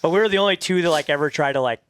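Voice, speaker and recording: A man's voice: a little high, very fast, a bit bright, clear, resonant tone, no room sound, studio quality. A man hosting a podcast, chiming in casually and swearing freely. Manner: laughing along, chiming in, profane. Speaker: podcast host. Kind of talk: casual chat.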